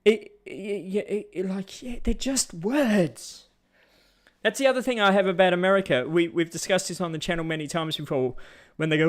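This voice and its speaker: A blunt, ranting Australian man in middle age, talking casually to his viewers. His voice sits a little high for a man, and he keeps the tone plain and direct. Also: animated, moderate pace. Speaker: vlogger. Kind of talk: casual opinion rant.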